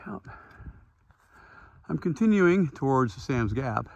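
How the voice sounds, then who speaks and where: A man's voice: mid-range voice, big pitch swings, takes it slowly, creaky, no room sound, dull audio. A man in his sixties vlogging casually outdoors on a hiking trail, talking in a plain, matter-of-fact way with frequent ums. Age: 60s. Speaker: thru-hiker vlogger.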